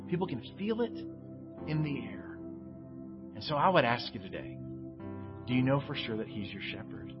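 A middle-aged man, preaching a sermon in an earnest storytelling manner. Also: medium pitch. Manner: storytelling, loud acted quotes then quiet earnest close. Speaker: pastor. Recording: dull, lo-fi with music behind.

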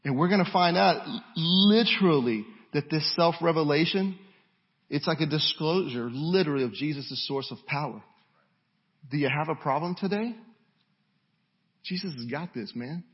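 A man's voice: on the high side, breathy edge, highs cut off. A man preaching a sermon, reading scripture and asking the congregation rhetorical questions.

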